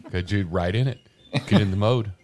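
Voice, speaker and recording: A man co-hosting a podcast, tossing in quick deadpan quips during casual chat. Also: fairly low pitch, a little hiss or hum.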